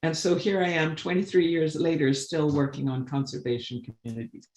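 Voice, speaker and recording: A woman guest on a video call webinar, telling a long personal story with lively swings as she acts out what people said. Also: a little fast, roomy sound. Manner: animated storyteller, acts out quoted voices with big pitch jumps. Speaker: guest, artist and conservationist.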